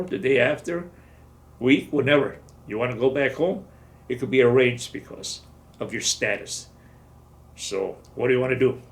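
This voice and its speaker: An older man voicing a blunt, profane army colonel in a retold story, barking his lines with a gravelly edge. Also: medium pitch, close to an everyday voice. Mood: offering. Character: gruff blunt male army colonel, senior officer.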